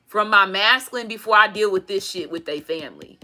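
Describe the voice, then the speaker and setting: A woman's voice: medium pitch, brisk, pushed and bright. Blunt, profane woman doing a tarot reading. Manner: blunt, profane, preachy asides. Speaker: tarot reader. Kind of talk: casual tarot reading monologue. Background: faint music playing.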